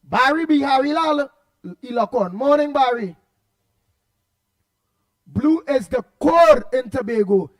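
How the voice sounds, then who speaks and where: Chatty high-voiced Trinidadian radio host. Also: male voice, expressive, slow, pauses often. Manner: chatty, laughing, repeats words, dialect speech. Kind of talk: casual radio talk, reading listener comments.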